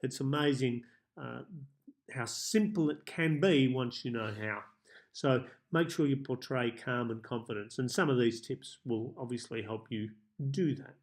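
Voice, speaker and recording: A man coaching viewers in a self-help tips monologue, speaking calmly and measuredly with deliberate pauses. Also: medium pitch. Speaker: life coach.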